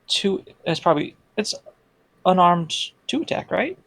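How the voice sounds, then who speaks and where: Gravelly man puzzling over game rules. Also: high voice, sing-song, unhurried, a bit bright, dry recording. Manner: unsure, thinking aloud about rules. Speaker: player. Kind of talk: casual chat at a game table.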